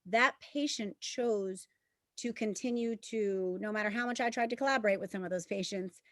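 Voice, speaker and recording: A woman's voice: medium pitch, normal speed, no room sound, clean studio sound. A woman obstetrician explaining birth to listeners in casual chat, earnest and insistent.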